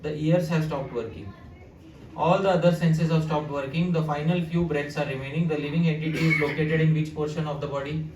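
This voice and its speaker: Animated man giving a sermon in an echoey room. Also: fairly high pitch, brisk. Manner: animated, addresses the audience with questions. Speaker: devotional speaker. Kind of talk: storytelling sermon. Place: living room at a house gathering. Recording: echoey room, distant mic, faint hiss.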